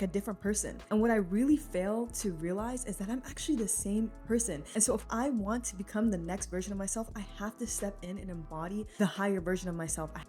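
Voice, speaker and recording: A woman's voice: medium pitch, warm tone. A woman vlogger giving an earnest, encouraging motivational talk straight to the viewer, casual, with many "like" fillers. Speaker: lifestyle vlogger.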